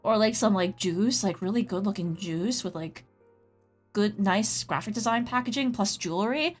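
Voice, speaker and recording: A woman's voice: medium pitch, normal speed. A woman streaming while she draws, telling a rambling story in casual chat, full of "like", and stopping to greet her chatters. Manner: rambling storytelling, heavy use of "like". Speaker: streamer and artist. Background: faint background music.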